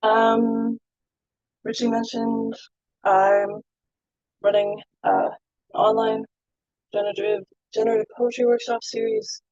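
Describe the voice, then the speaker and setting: Breathless woman reading poetry, gravelly. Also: fairly high pitch, expressive, no room sound, highs cut off, faint music behind. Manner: soft and slow while reading, then chatty with fillers. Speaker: open mic poet. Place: home, online video call.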